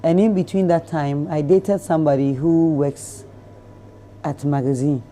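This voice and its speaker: A middle-aged Ghanaian woman telling a lively story in an interview, acting out the people in it. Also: deep voice, a little slow. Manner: animated storyteller who acts out voices, laughing. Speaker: celebrity guest.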